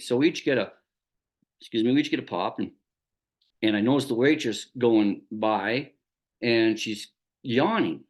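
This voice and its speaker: A man's voice: mid-range voice, unhurried, pauses often. A man giving a casual motivational talk about his small business, folksy and conversational, acting out the dialogue of his stories. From Canada. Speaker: network marketing business trainer.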